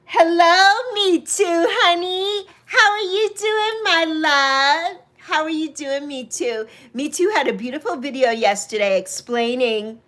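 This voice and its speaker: Lady in her 60s chatting on her livestream, high lively voice, takes her time. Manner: chatty, affectionate, greets viewers by name, laughs often. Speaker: livestream host. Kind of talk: casual livestream chat reading comments.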